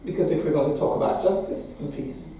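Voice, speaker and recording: A woman's voice: sits low, fairly quick, dark tone, recorded from a distance, slight background noise. Wry woman priest in an echoey hall. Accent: English. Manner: candid, wry, laughs often. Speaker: parish priest. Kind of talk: speech to a meeting.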